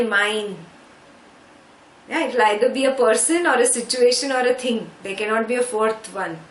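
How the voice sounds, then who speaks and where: Explaining Sanskrit terms to her scripture class, this woman teacher goes slowly and patiently, regularly asking "yeah?" to make sure listeners follow. Her voice is on the high side and fairly bright, recorded in an echoey room with faint background noise.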